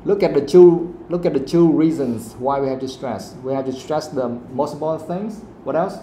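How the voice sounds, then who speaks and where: A man teaching a live English pronunciation lesson, asking the class the same question again and again and saying the example sentences slowly. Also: on the high side, dark tone. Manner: asks questions again and again, quotes the audio slowly. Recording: echoey room, faint background noise.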